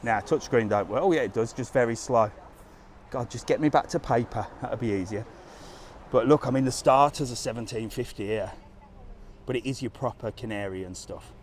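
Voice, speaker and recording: A man chats bluntly and casually into a handheld phone during a live travel stream. He is outdoors on a seafront walk, and a faint hiss runs under his voice. His pitch sits in a middle range for a man. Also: normal speed. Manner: chatty, blunt, slangy. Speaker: travel vlogger livestreaming.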